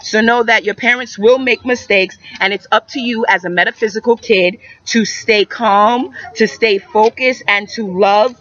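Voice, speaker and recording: A woman's voice: fairly high pitch, fairly even intonation, normal speed, hardly any pauses, fairly bright tone. A woman giving emphatic, repetitive spiritual advice to young viewers in a preacherly way. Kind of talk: metaphysical advice talk. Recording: dull lo-fi recording.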